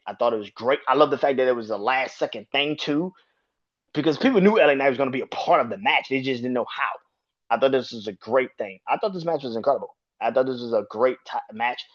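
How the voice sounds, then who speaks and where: A man hosting a podcast, reviewing wrestling in a casual, profane rant. He keeps jumping into high-pitched outbursts. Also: lo-fi sound. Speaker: podcast host.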